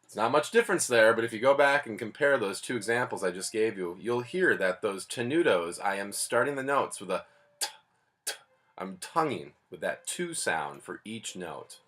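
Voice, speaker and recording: Low-voiced man teaching band class. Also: expressive, moderate pace, fairly bright tone. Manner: patient, explanatory, plainspoken. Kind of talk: music lesson.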